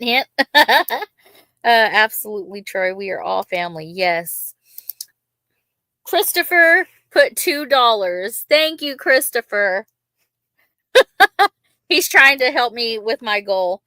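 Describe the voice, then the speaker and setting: A livestream host with a mid-range, pushed and bright voice rambles through casual chat on a dry recording. She uses many ums and talks openly about her feelings, emotional yet chatty.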